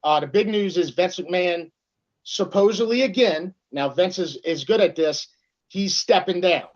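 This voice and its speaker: A man with a high voice co-hosts a sports radio show. His banter is relaxed and full of slang. His audio sounds slightly dull and muffled. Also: normal speed. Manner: laid-back, slangy banter. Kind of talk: casual sports radio chat.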